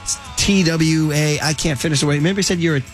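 A man hosting sports talk radio, casual and animated, full of slang, his voice jumping up when he gets worked up. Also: on the high side, fairly quick, soft background music.

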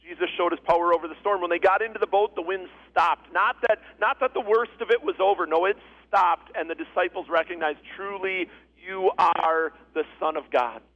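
A man's voice: high voice, a little fast, few pauses, lo-fi sound. A man preaching a sermon as pastor, earnest and repeating phrases for emphasis.

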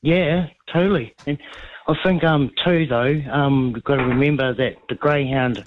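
A man with a New Zealand accent calling in to a talk show, hesitant with many pauses and ums. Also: medium pitch, a little hiss or hum. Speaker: caller. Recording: husky phone line.

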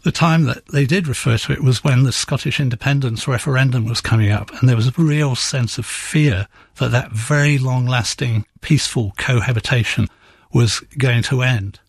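Husky-voiced male author guest. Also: medium pitch, no echo. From England. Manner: measured, storytelling explanations. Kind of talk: radio interview.

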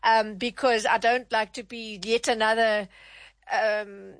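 A woman's voice: fairly high pitch, fairly even intonation, takes it slowly, dry recording. A woman hosting a radio phone-in, questioning a caller with frequent restarts. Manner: apologetic, probing, lots of restarts. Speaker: radio host.

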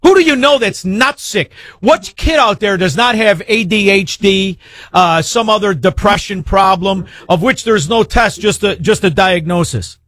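Fiery high-pitched man hosting a call-in show. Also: unhurried, fairly bright tone, dry recording, clean studio sound. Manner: blunt, heated, ranting. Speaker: radio talk show host. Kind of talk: opinionated call-in talk.

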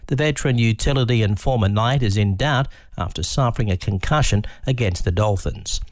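A man reading a radio news bulletin with a steady, formal delivery. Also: fairly low pitch, brisk, no room sound. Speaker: newsreader.

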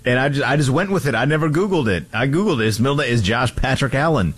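A man's voice: mid-range voice, expressive, fast, fairly bright tone, slightly rough. A man who produces the radio show, cutting in on air with a sheepish, self-mocking confession. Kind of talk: casual on-air chat.

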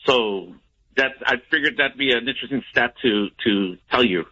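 A man's voice: mid-range voice, normal speed, pushed and bright, husky. A man calling into a sports radio show, rambling and restarting his sentences. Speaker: caller. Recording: dull phone-in audio.

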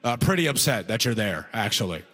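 A man's voice: on the low side, sing-song, fairly quick, fairly bright tone, big-room sound. A man from Sudan, raised in Alberta, doing live stand-up comedy on stage at a comedy gala, talking conversationally and checking in with the crowd. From Sudan, raised in Alberta, Canada.

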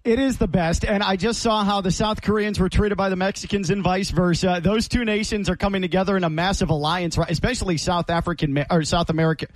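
A man co-hosting a sports talk show, wisecracking and quick to laugh. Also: high-pitched, steady tone, no room sound.

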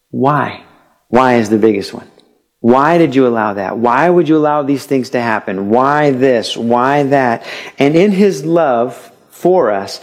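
A man's voice: mid-range voice, a little mellow. Conversational male preacher. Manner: conversational preaching with acted-out quotes and rhetorical questions. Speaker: pastor. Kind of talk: sermon.

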